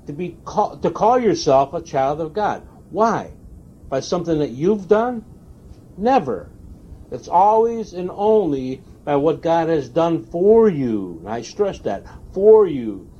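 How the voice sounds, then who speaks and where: A man preaching a sermon, stressing single words and pausing for weight. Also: on the high side, dark tone. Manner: emphatic, stressing single words with long pauses. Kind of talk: recorded sermon. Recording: dull lo-fi tape recording.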